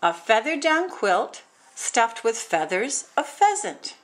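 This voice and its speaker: Animated woman reading a storybook. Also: a little high, slow. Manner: sing-song, animated, exclaiming asides. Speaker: storybook reader. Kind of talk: reading a rhyming picture book aloud, with asides.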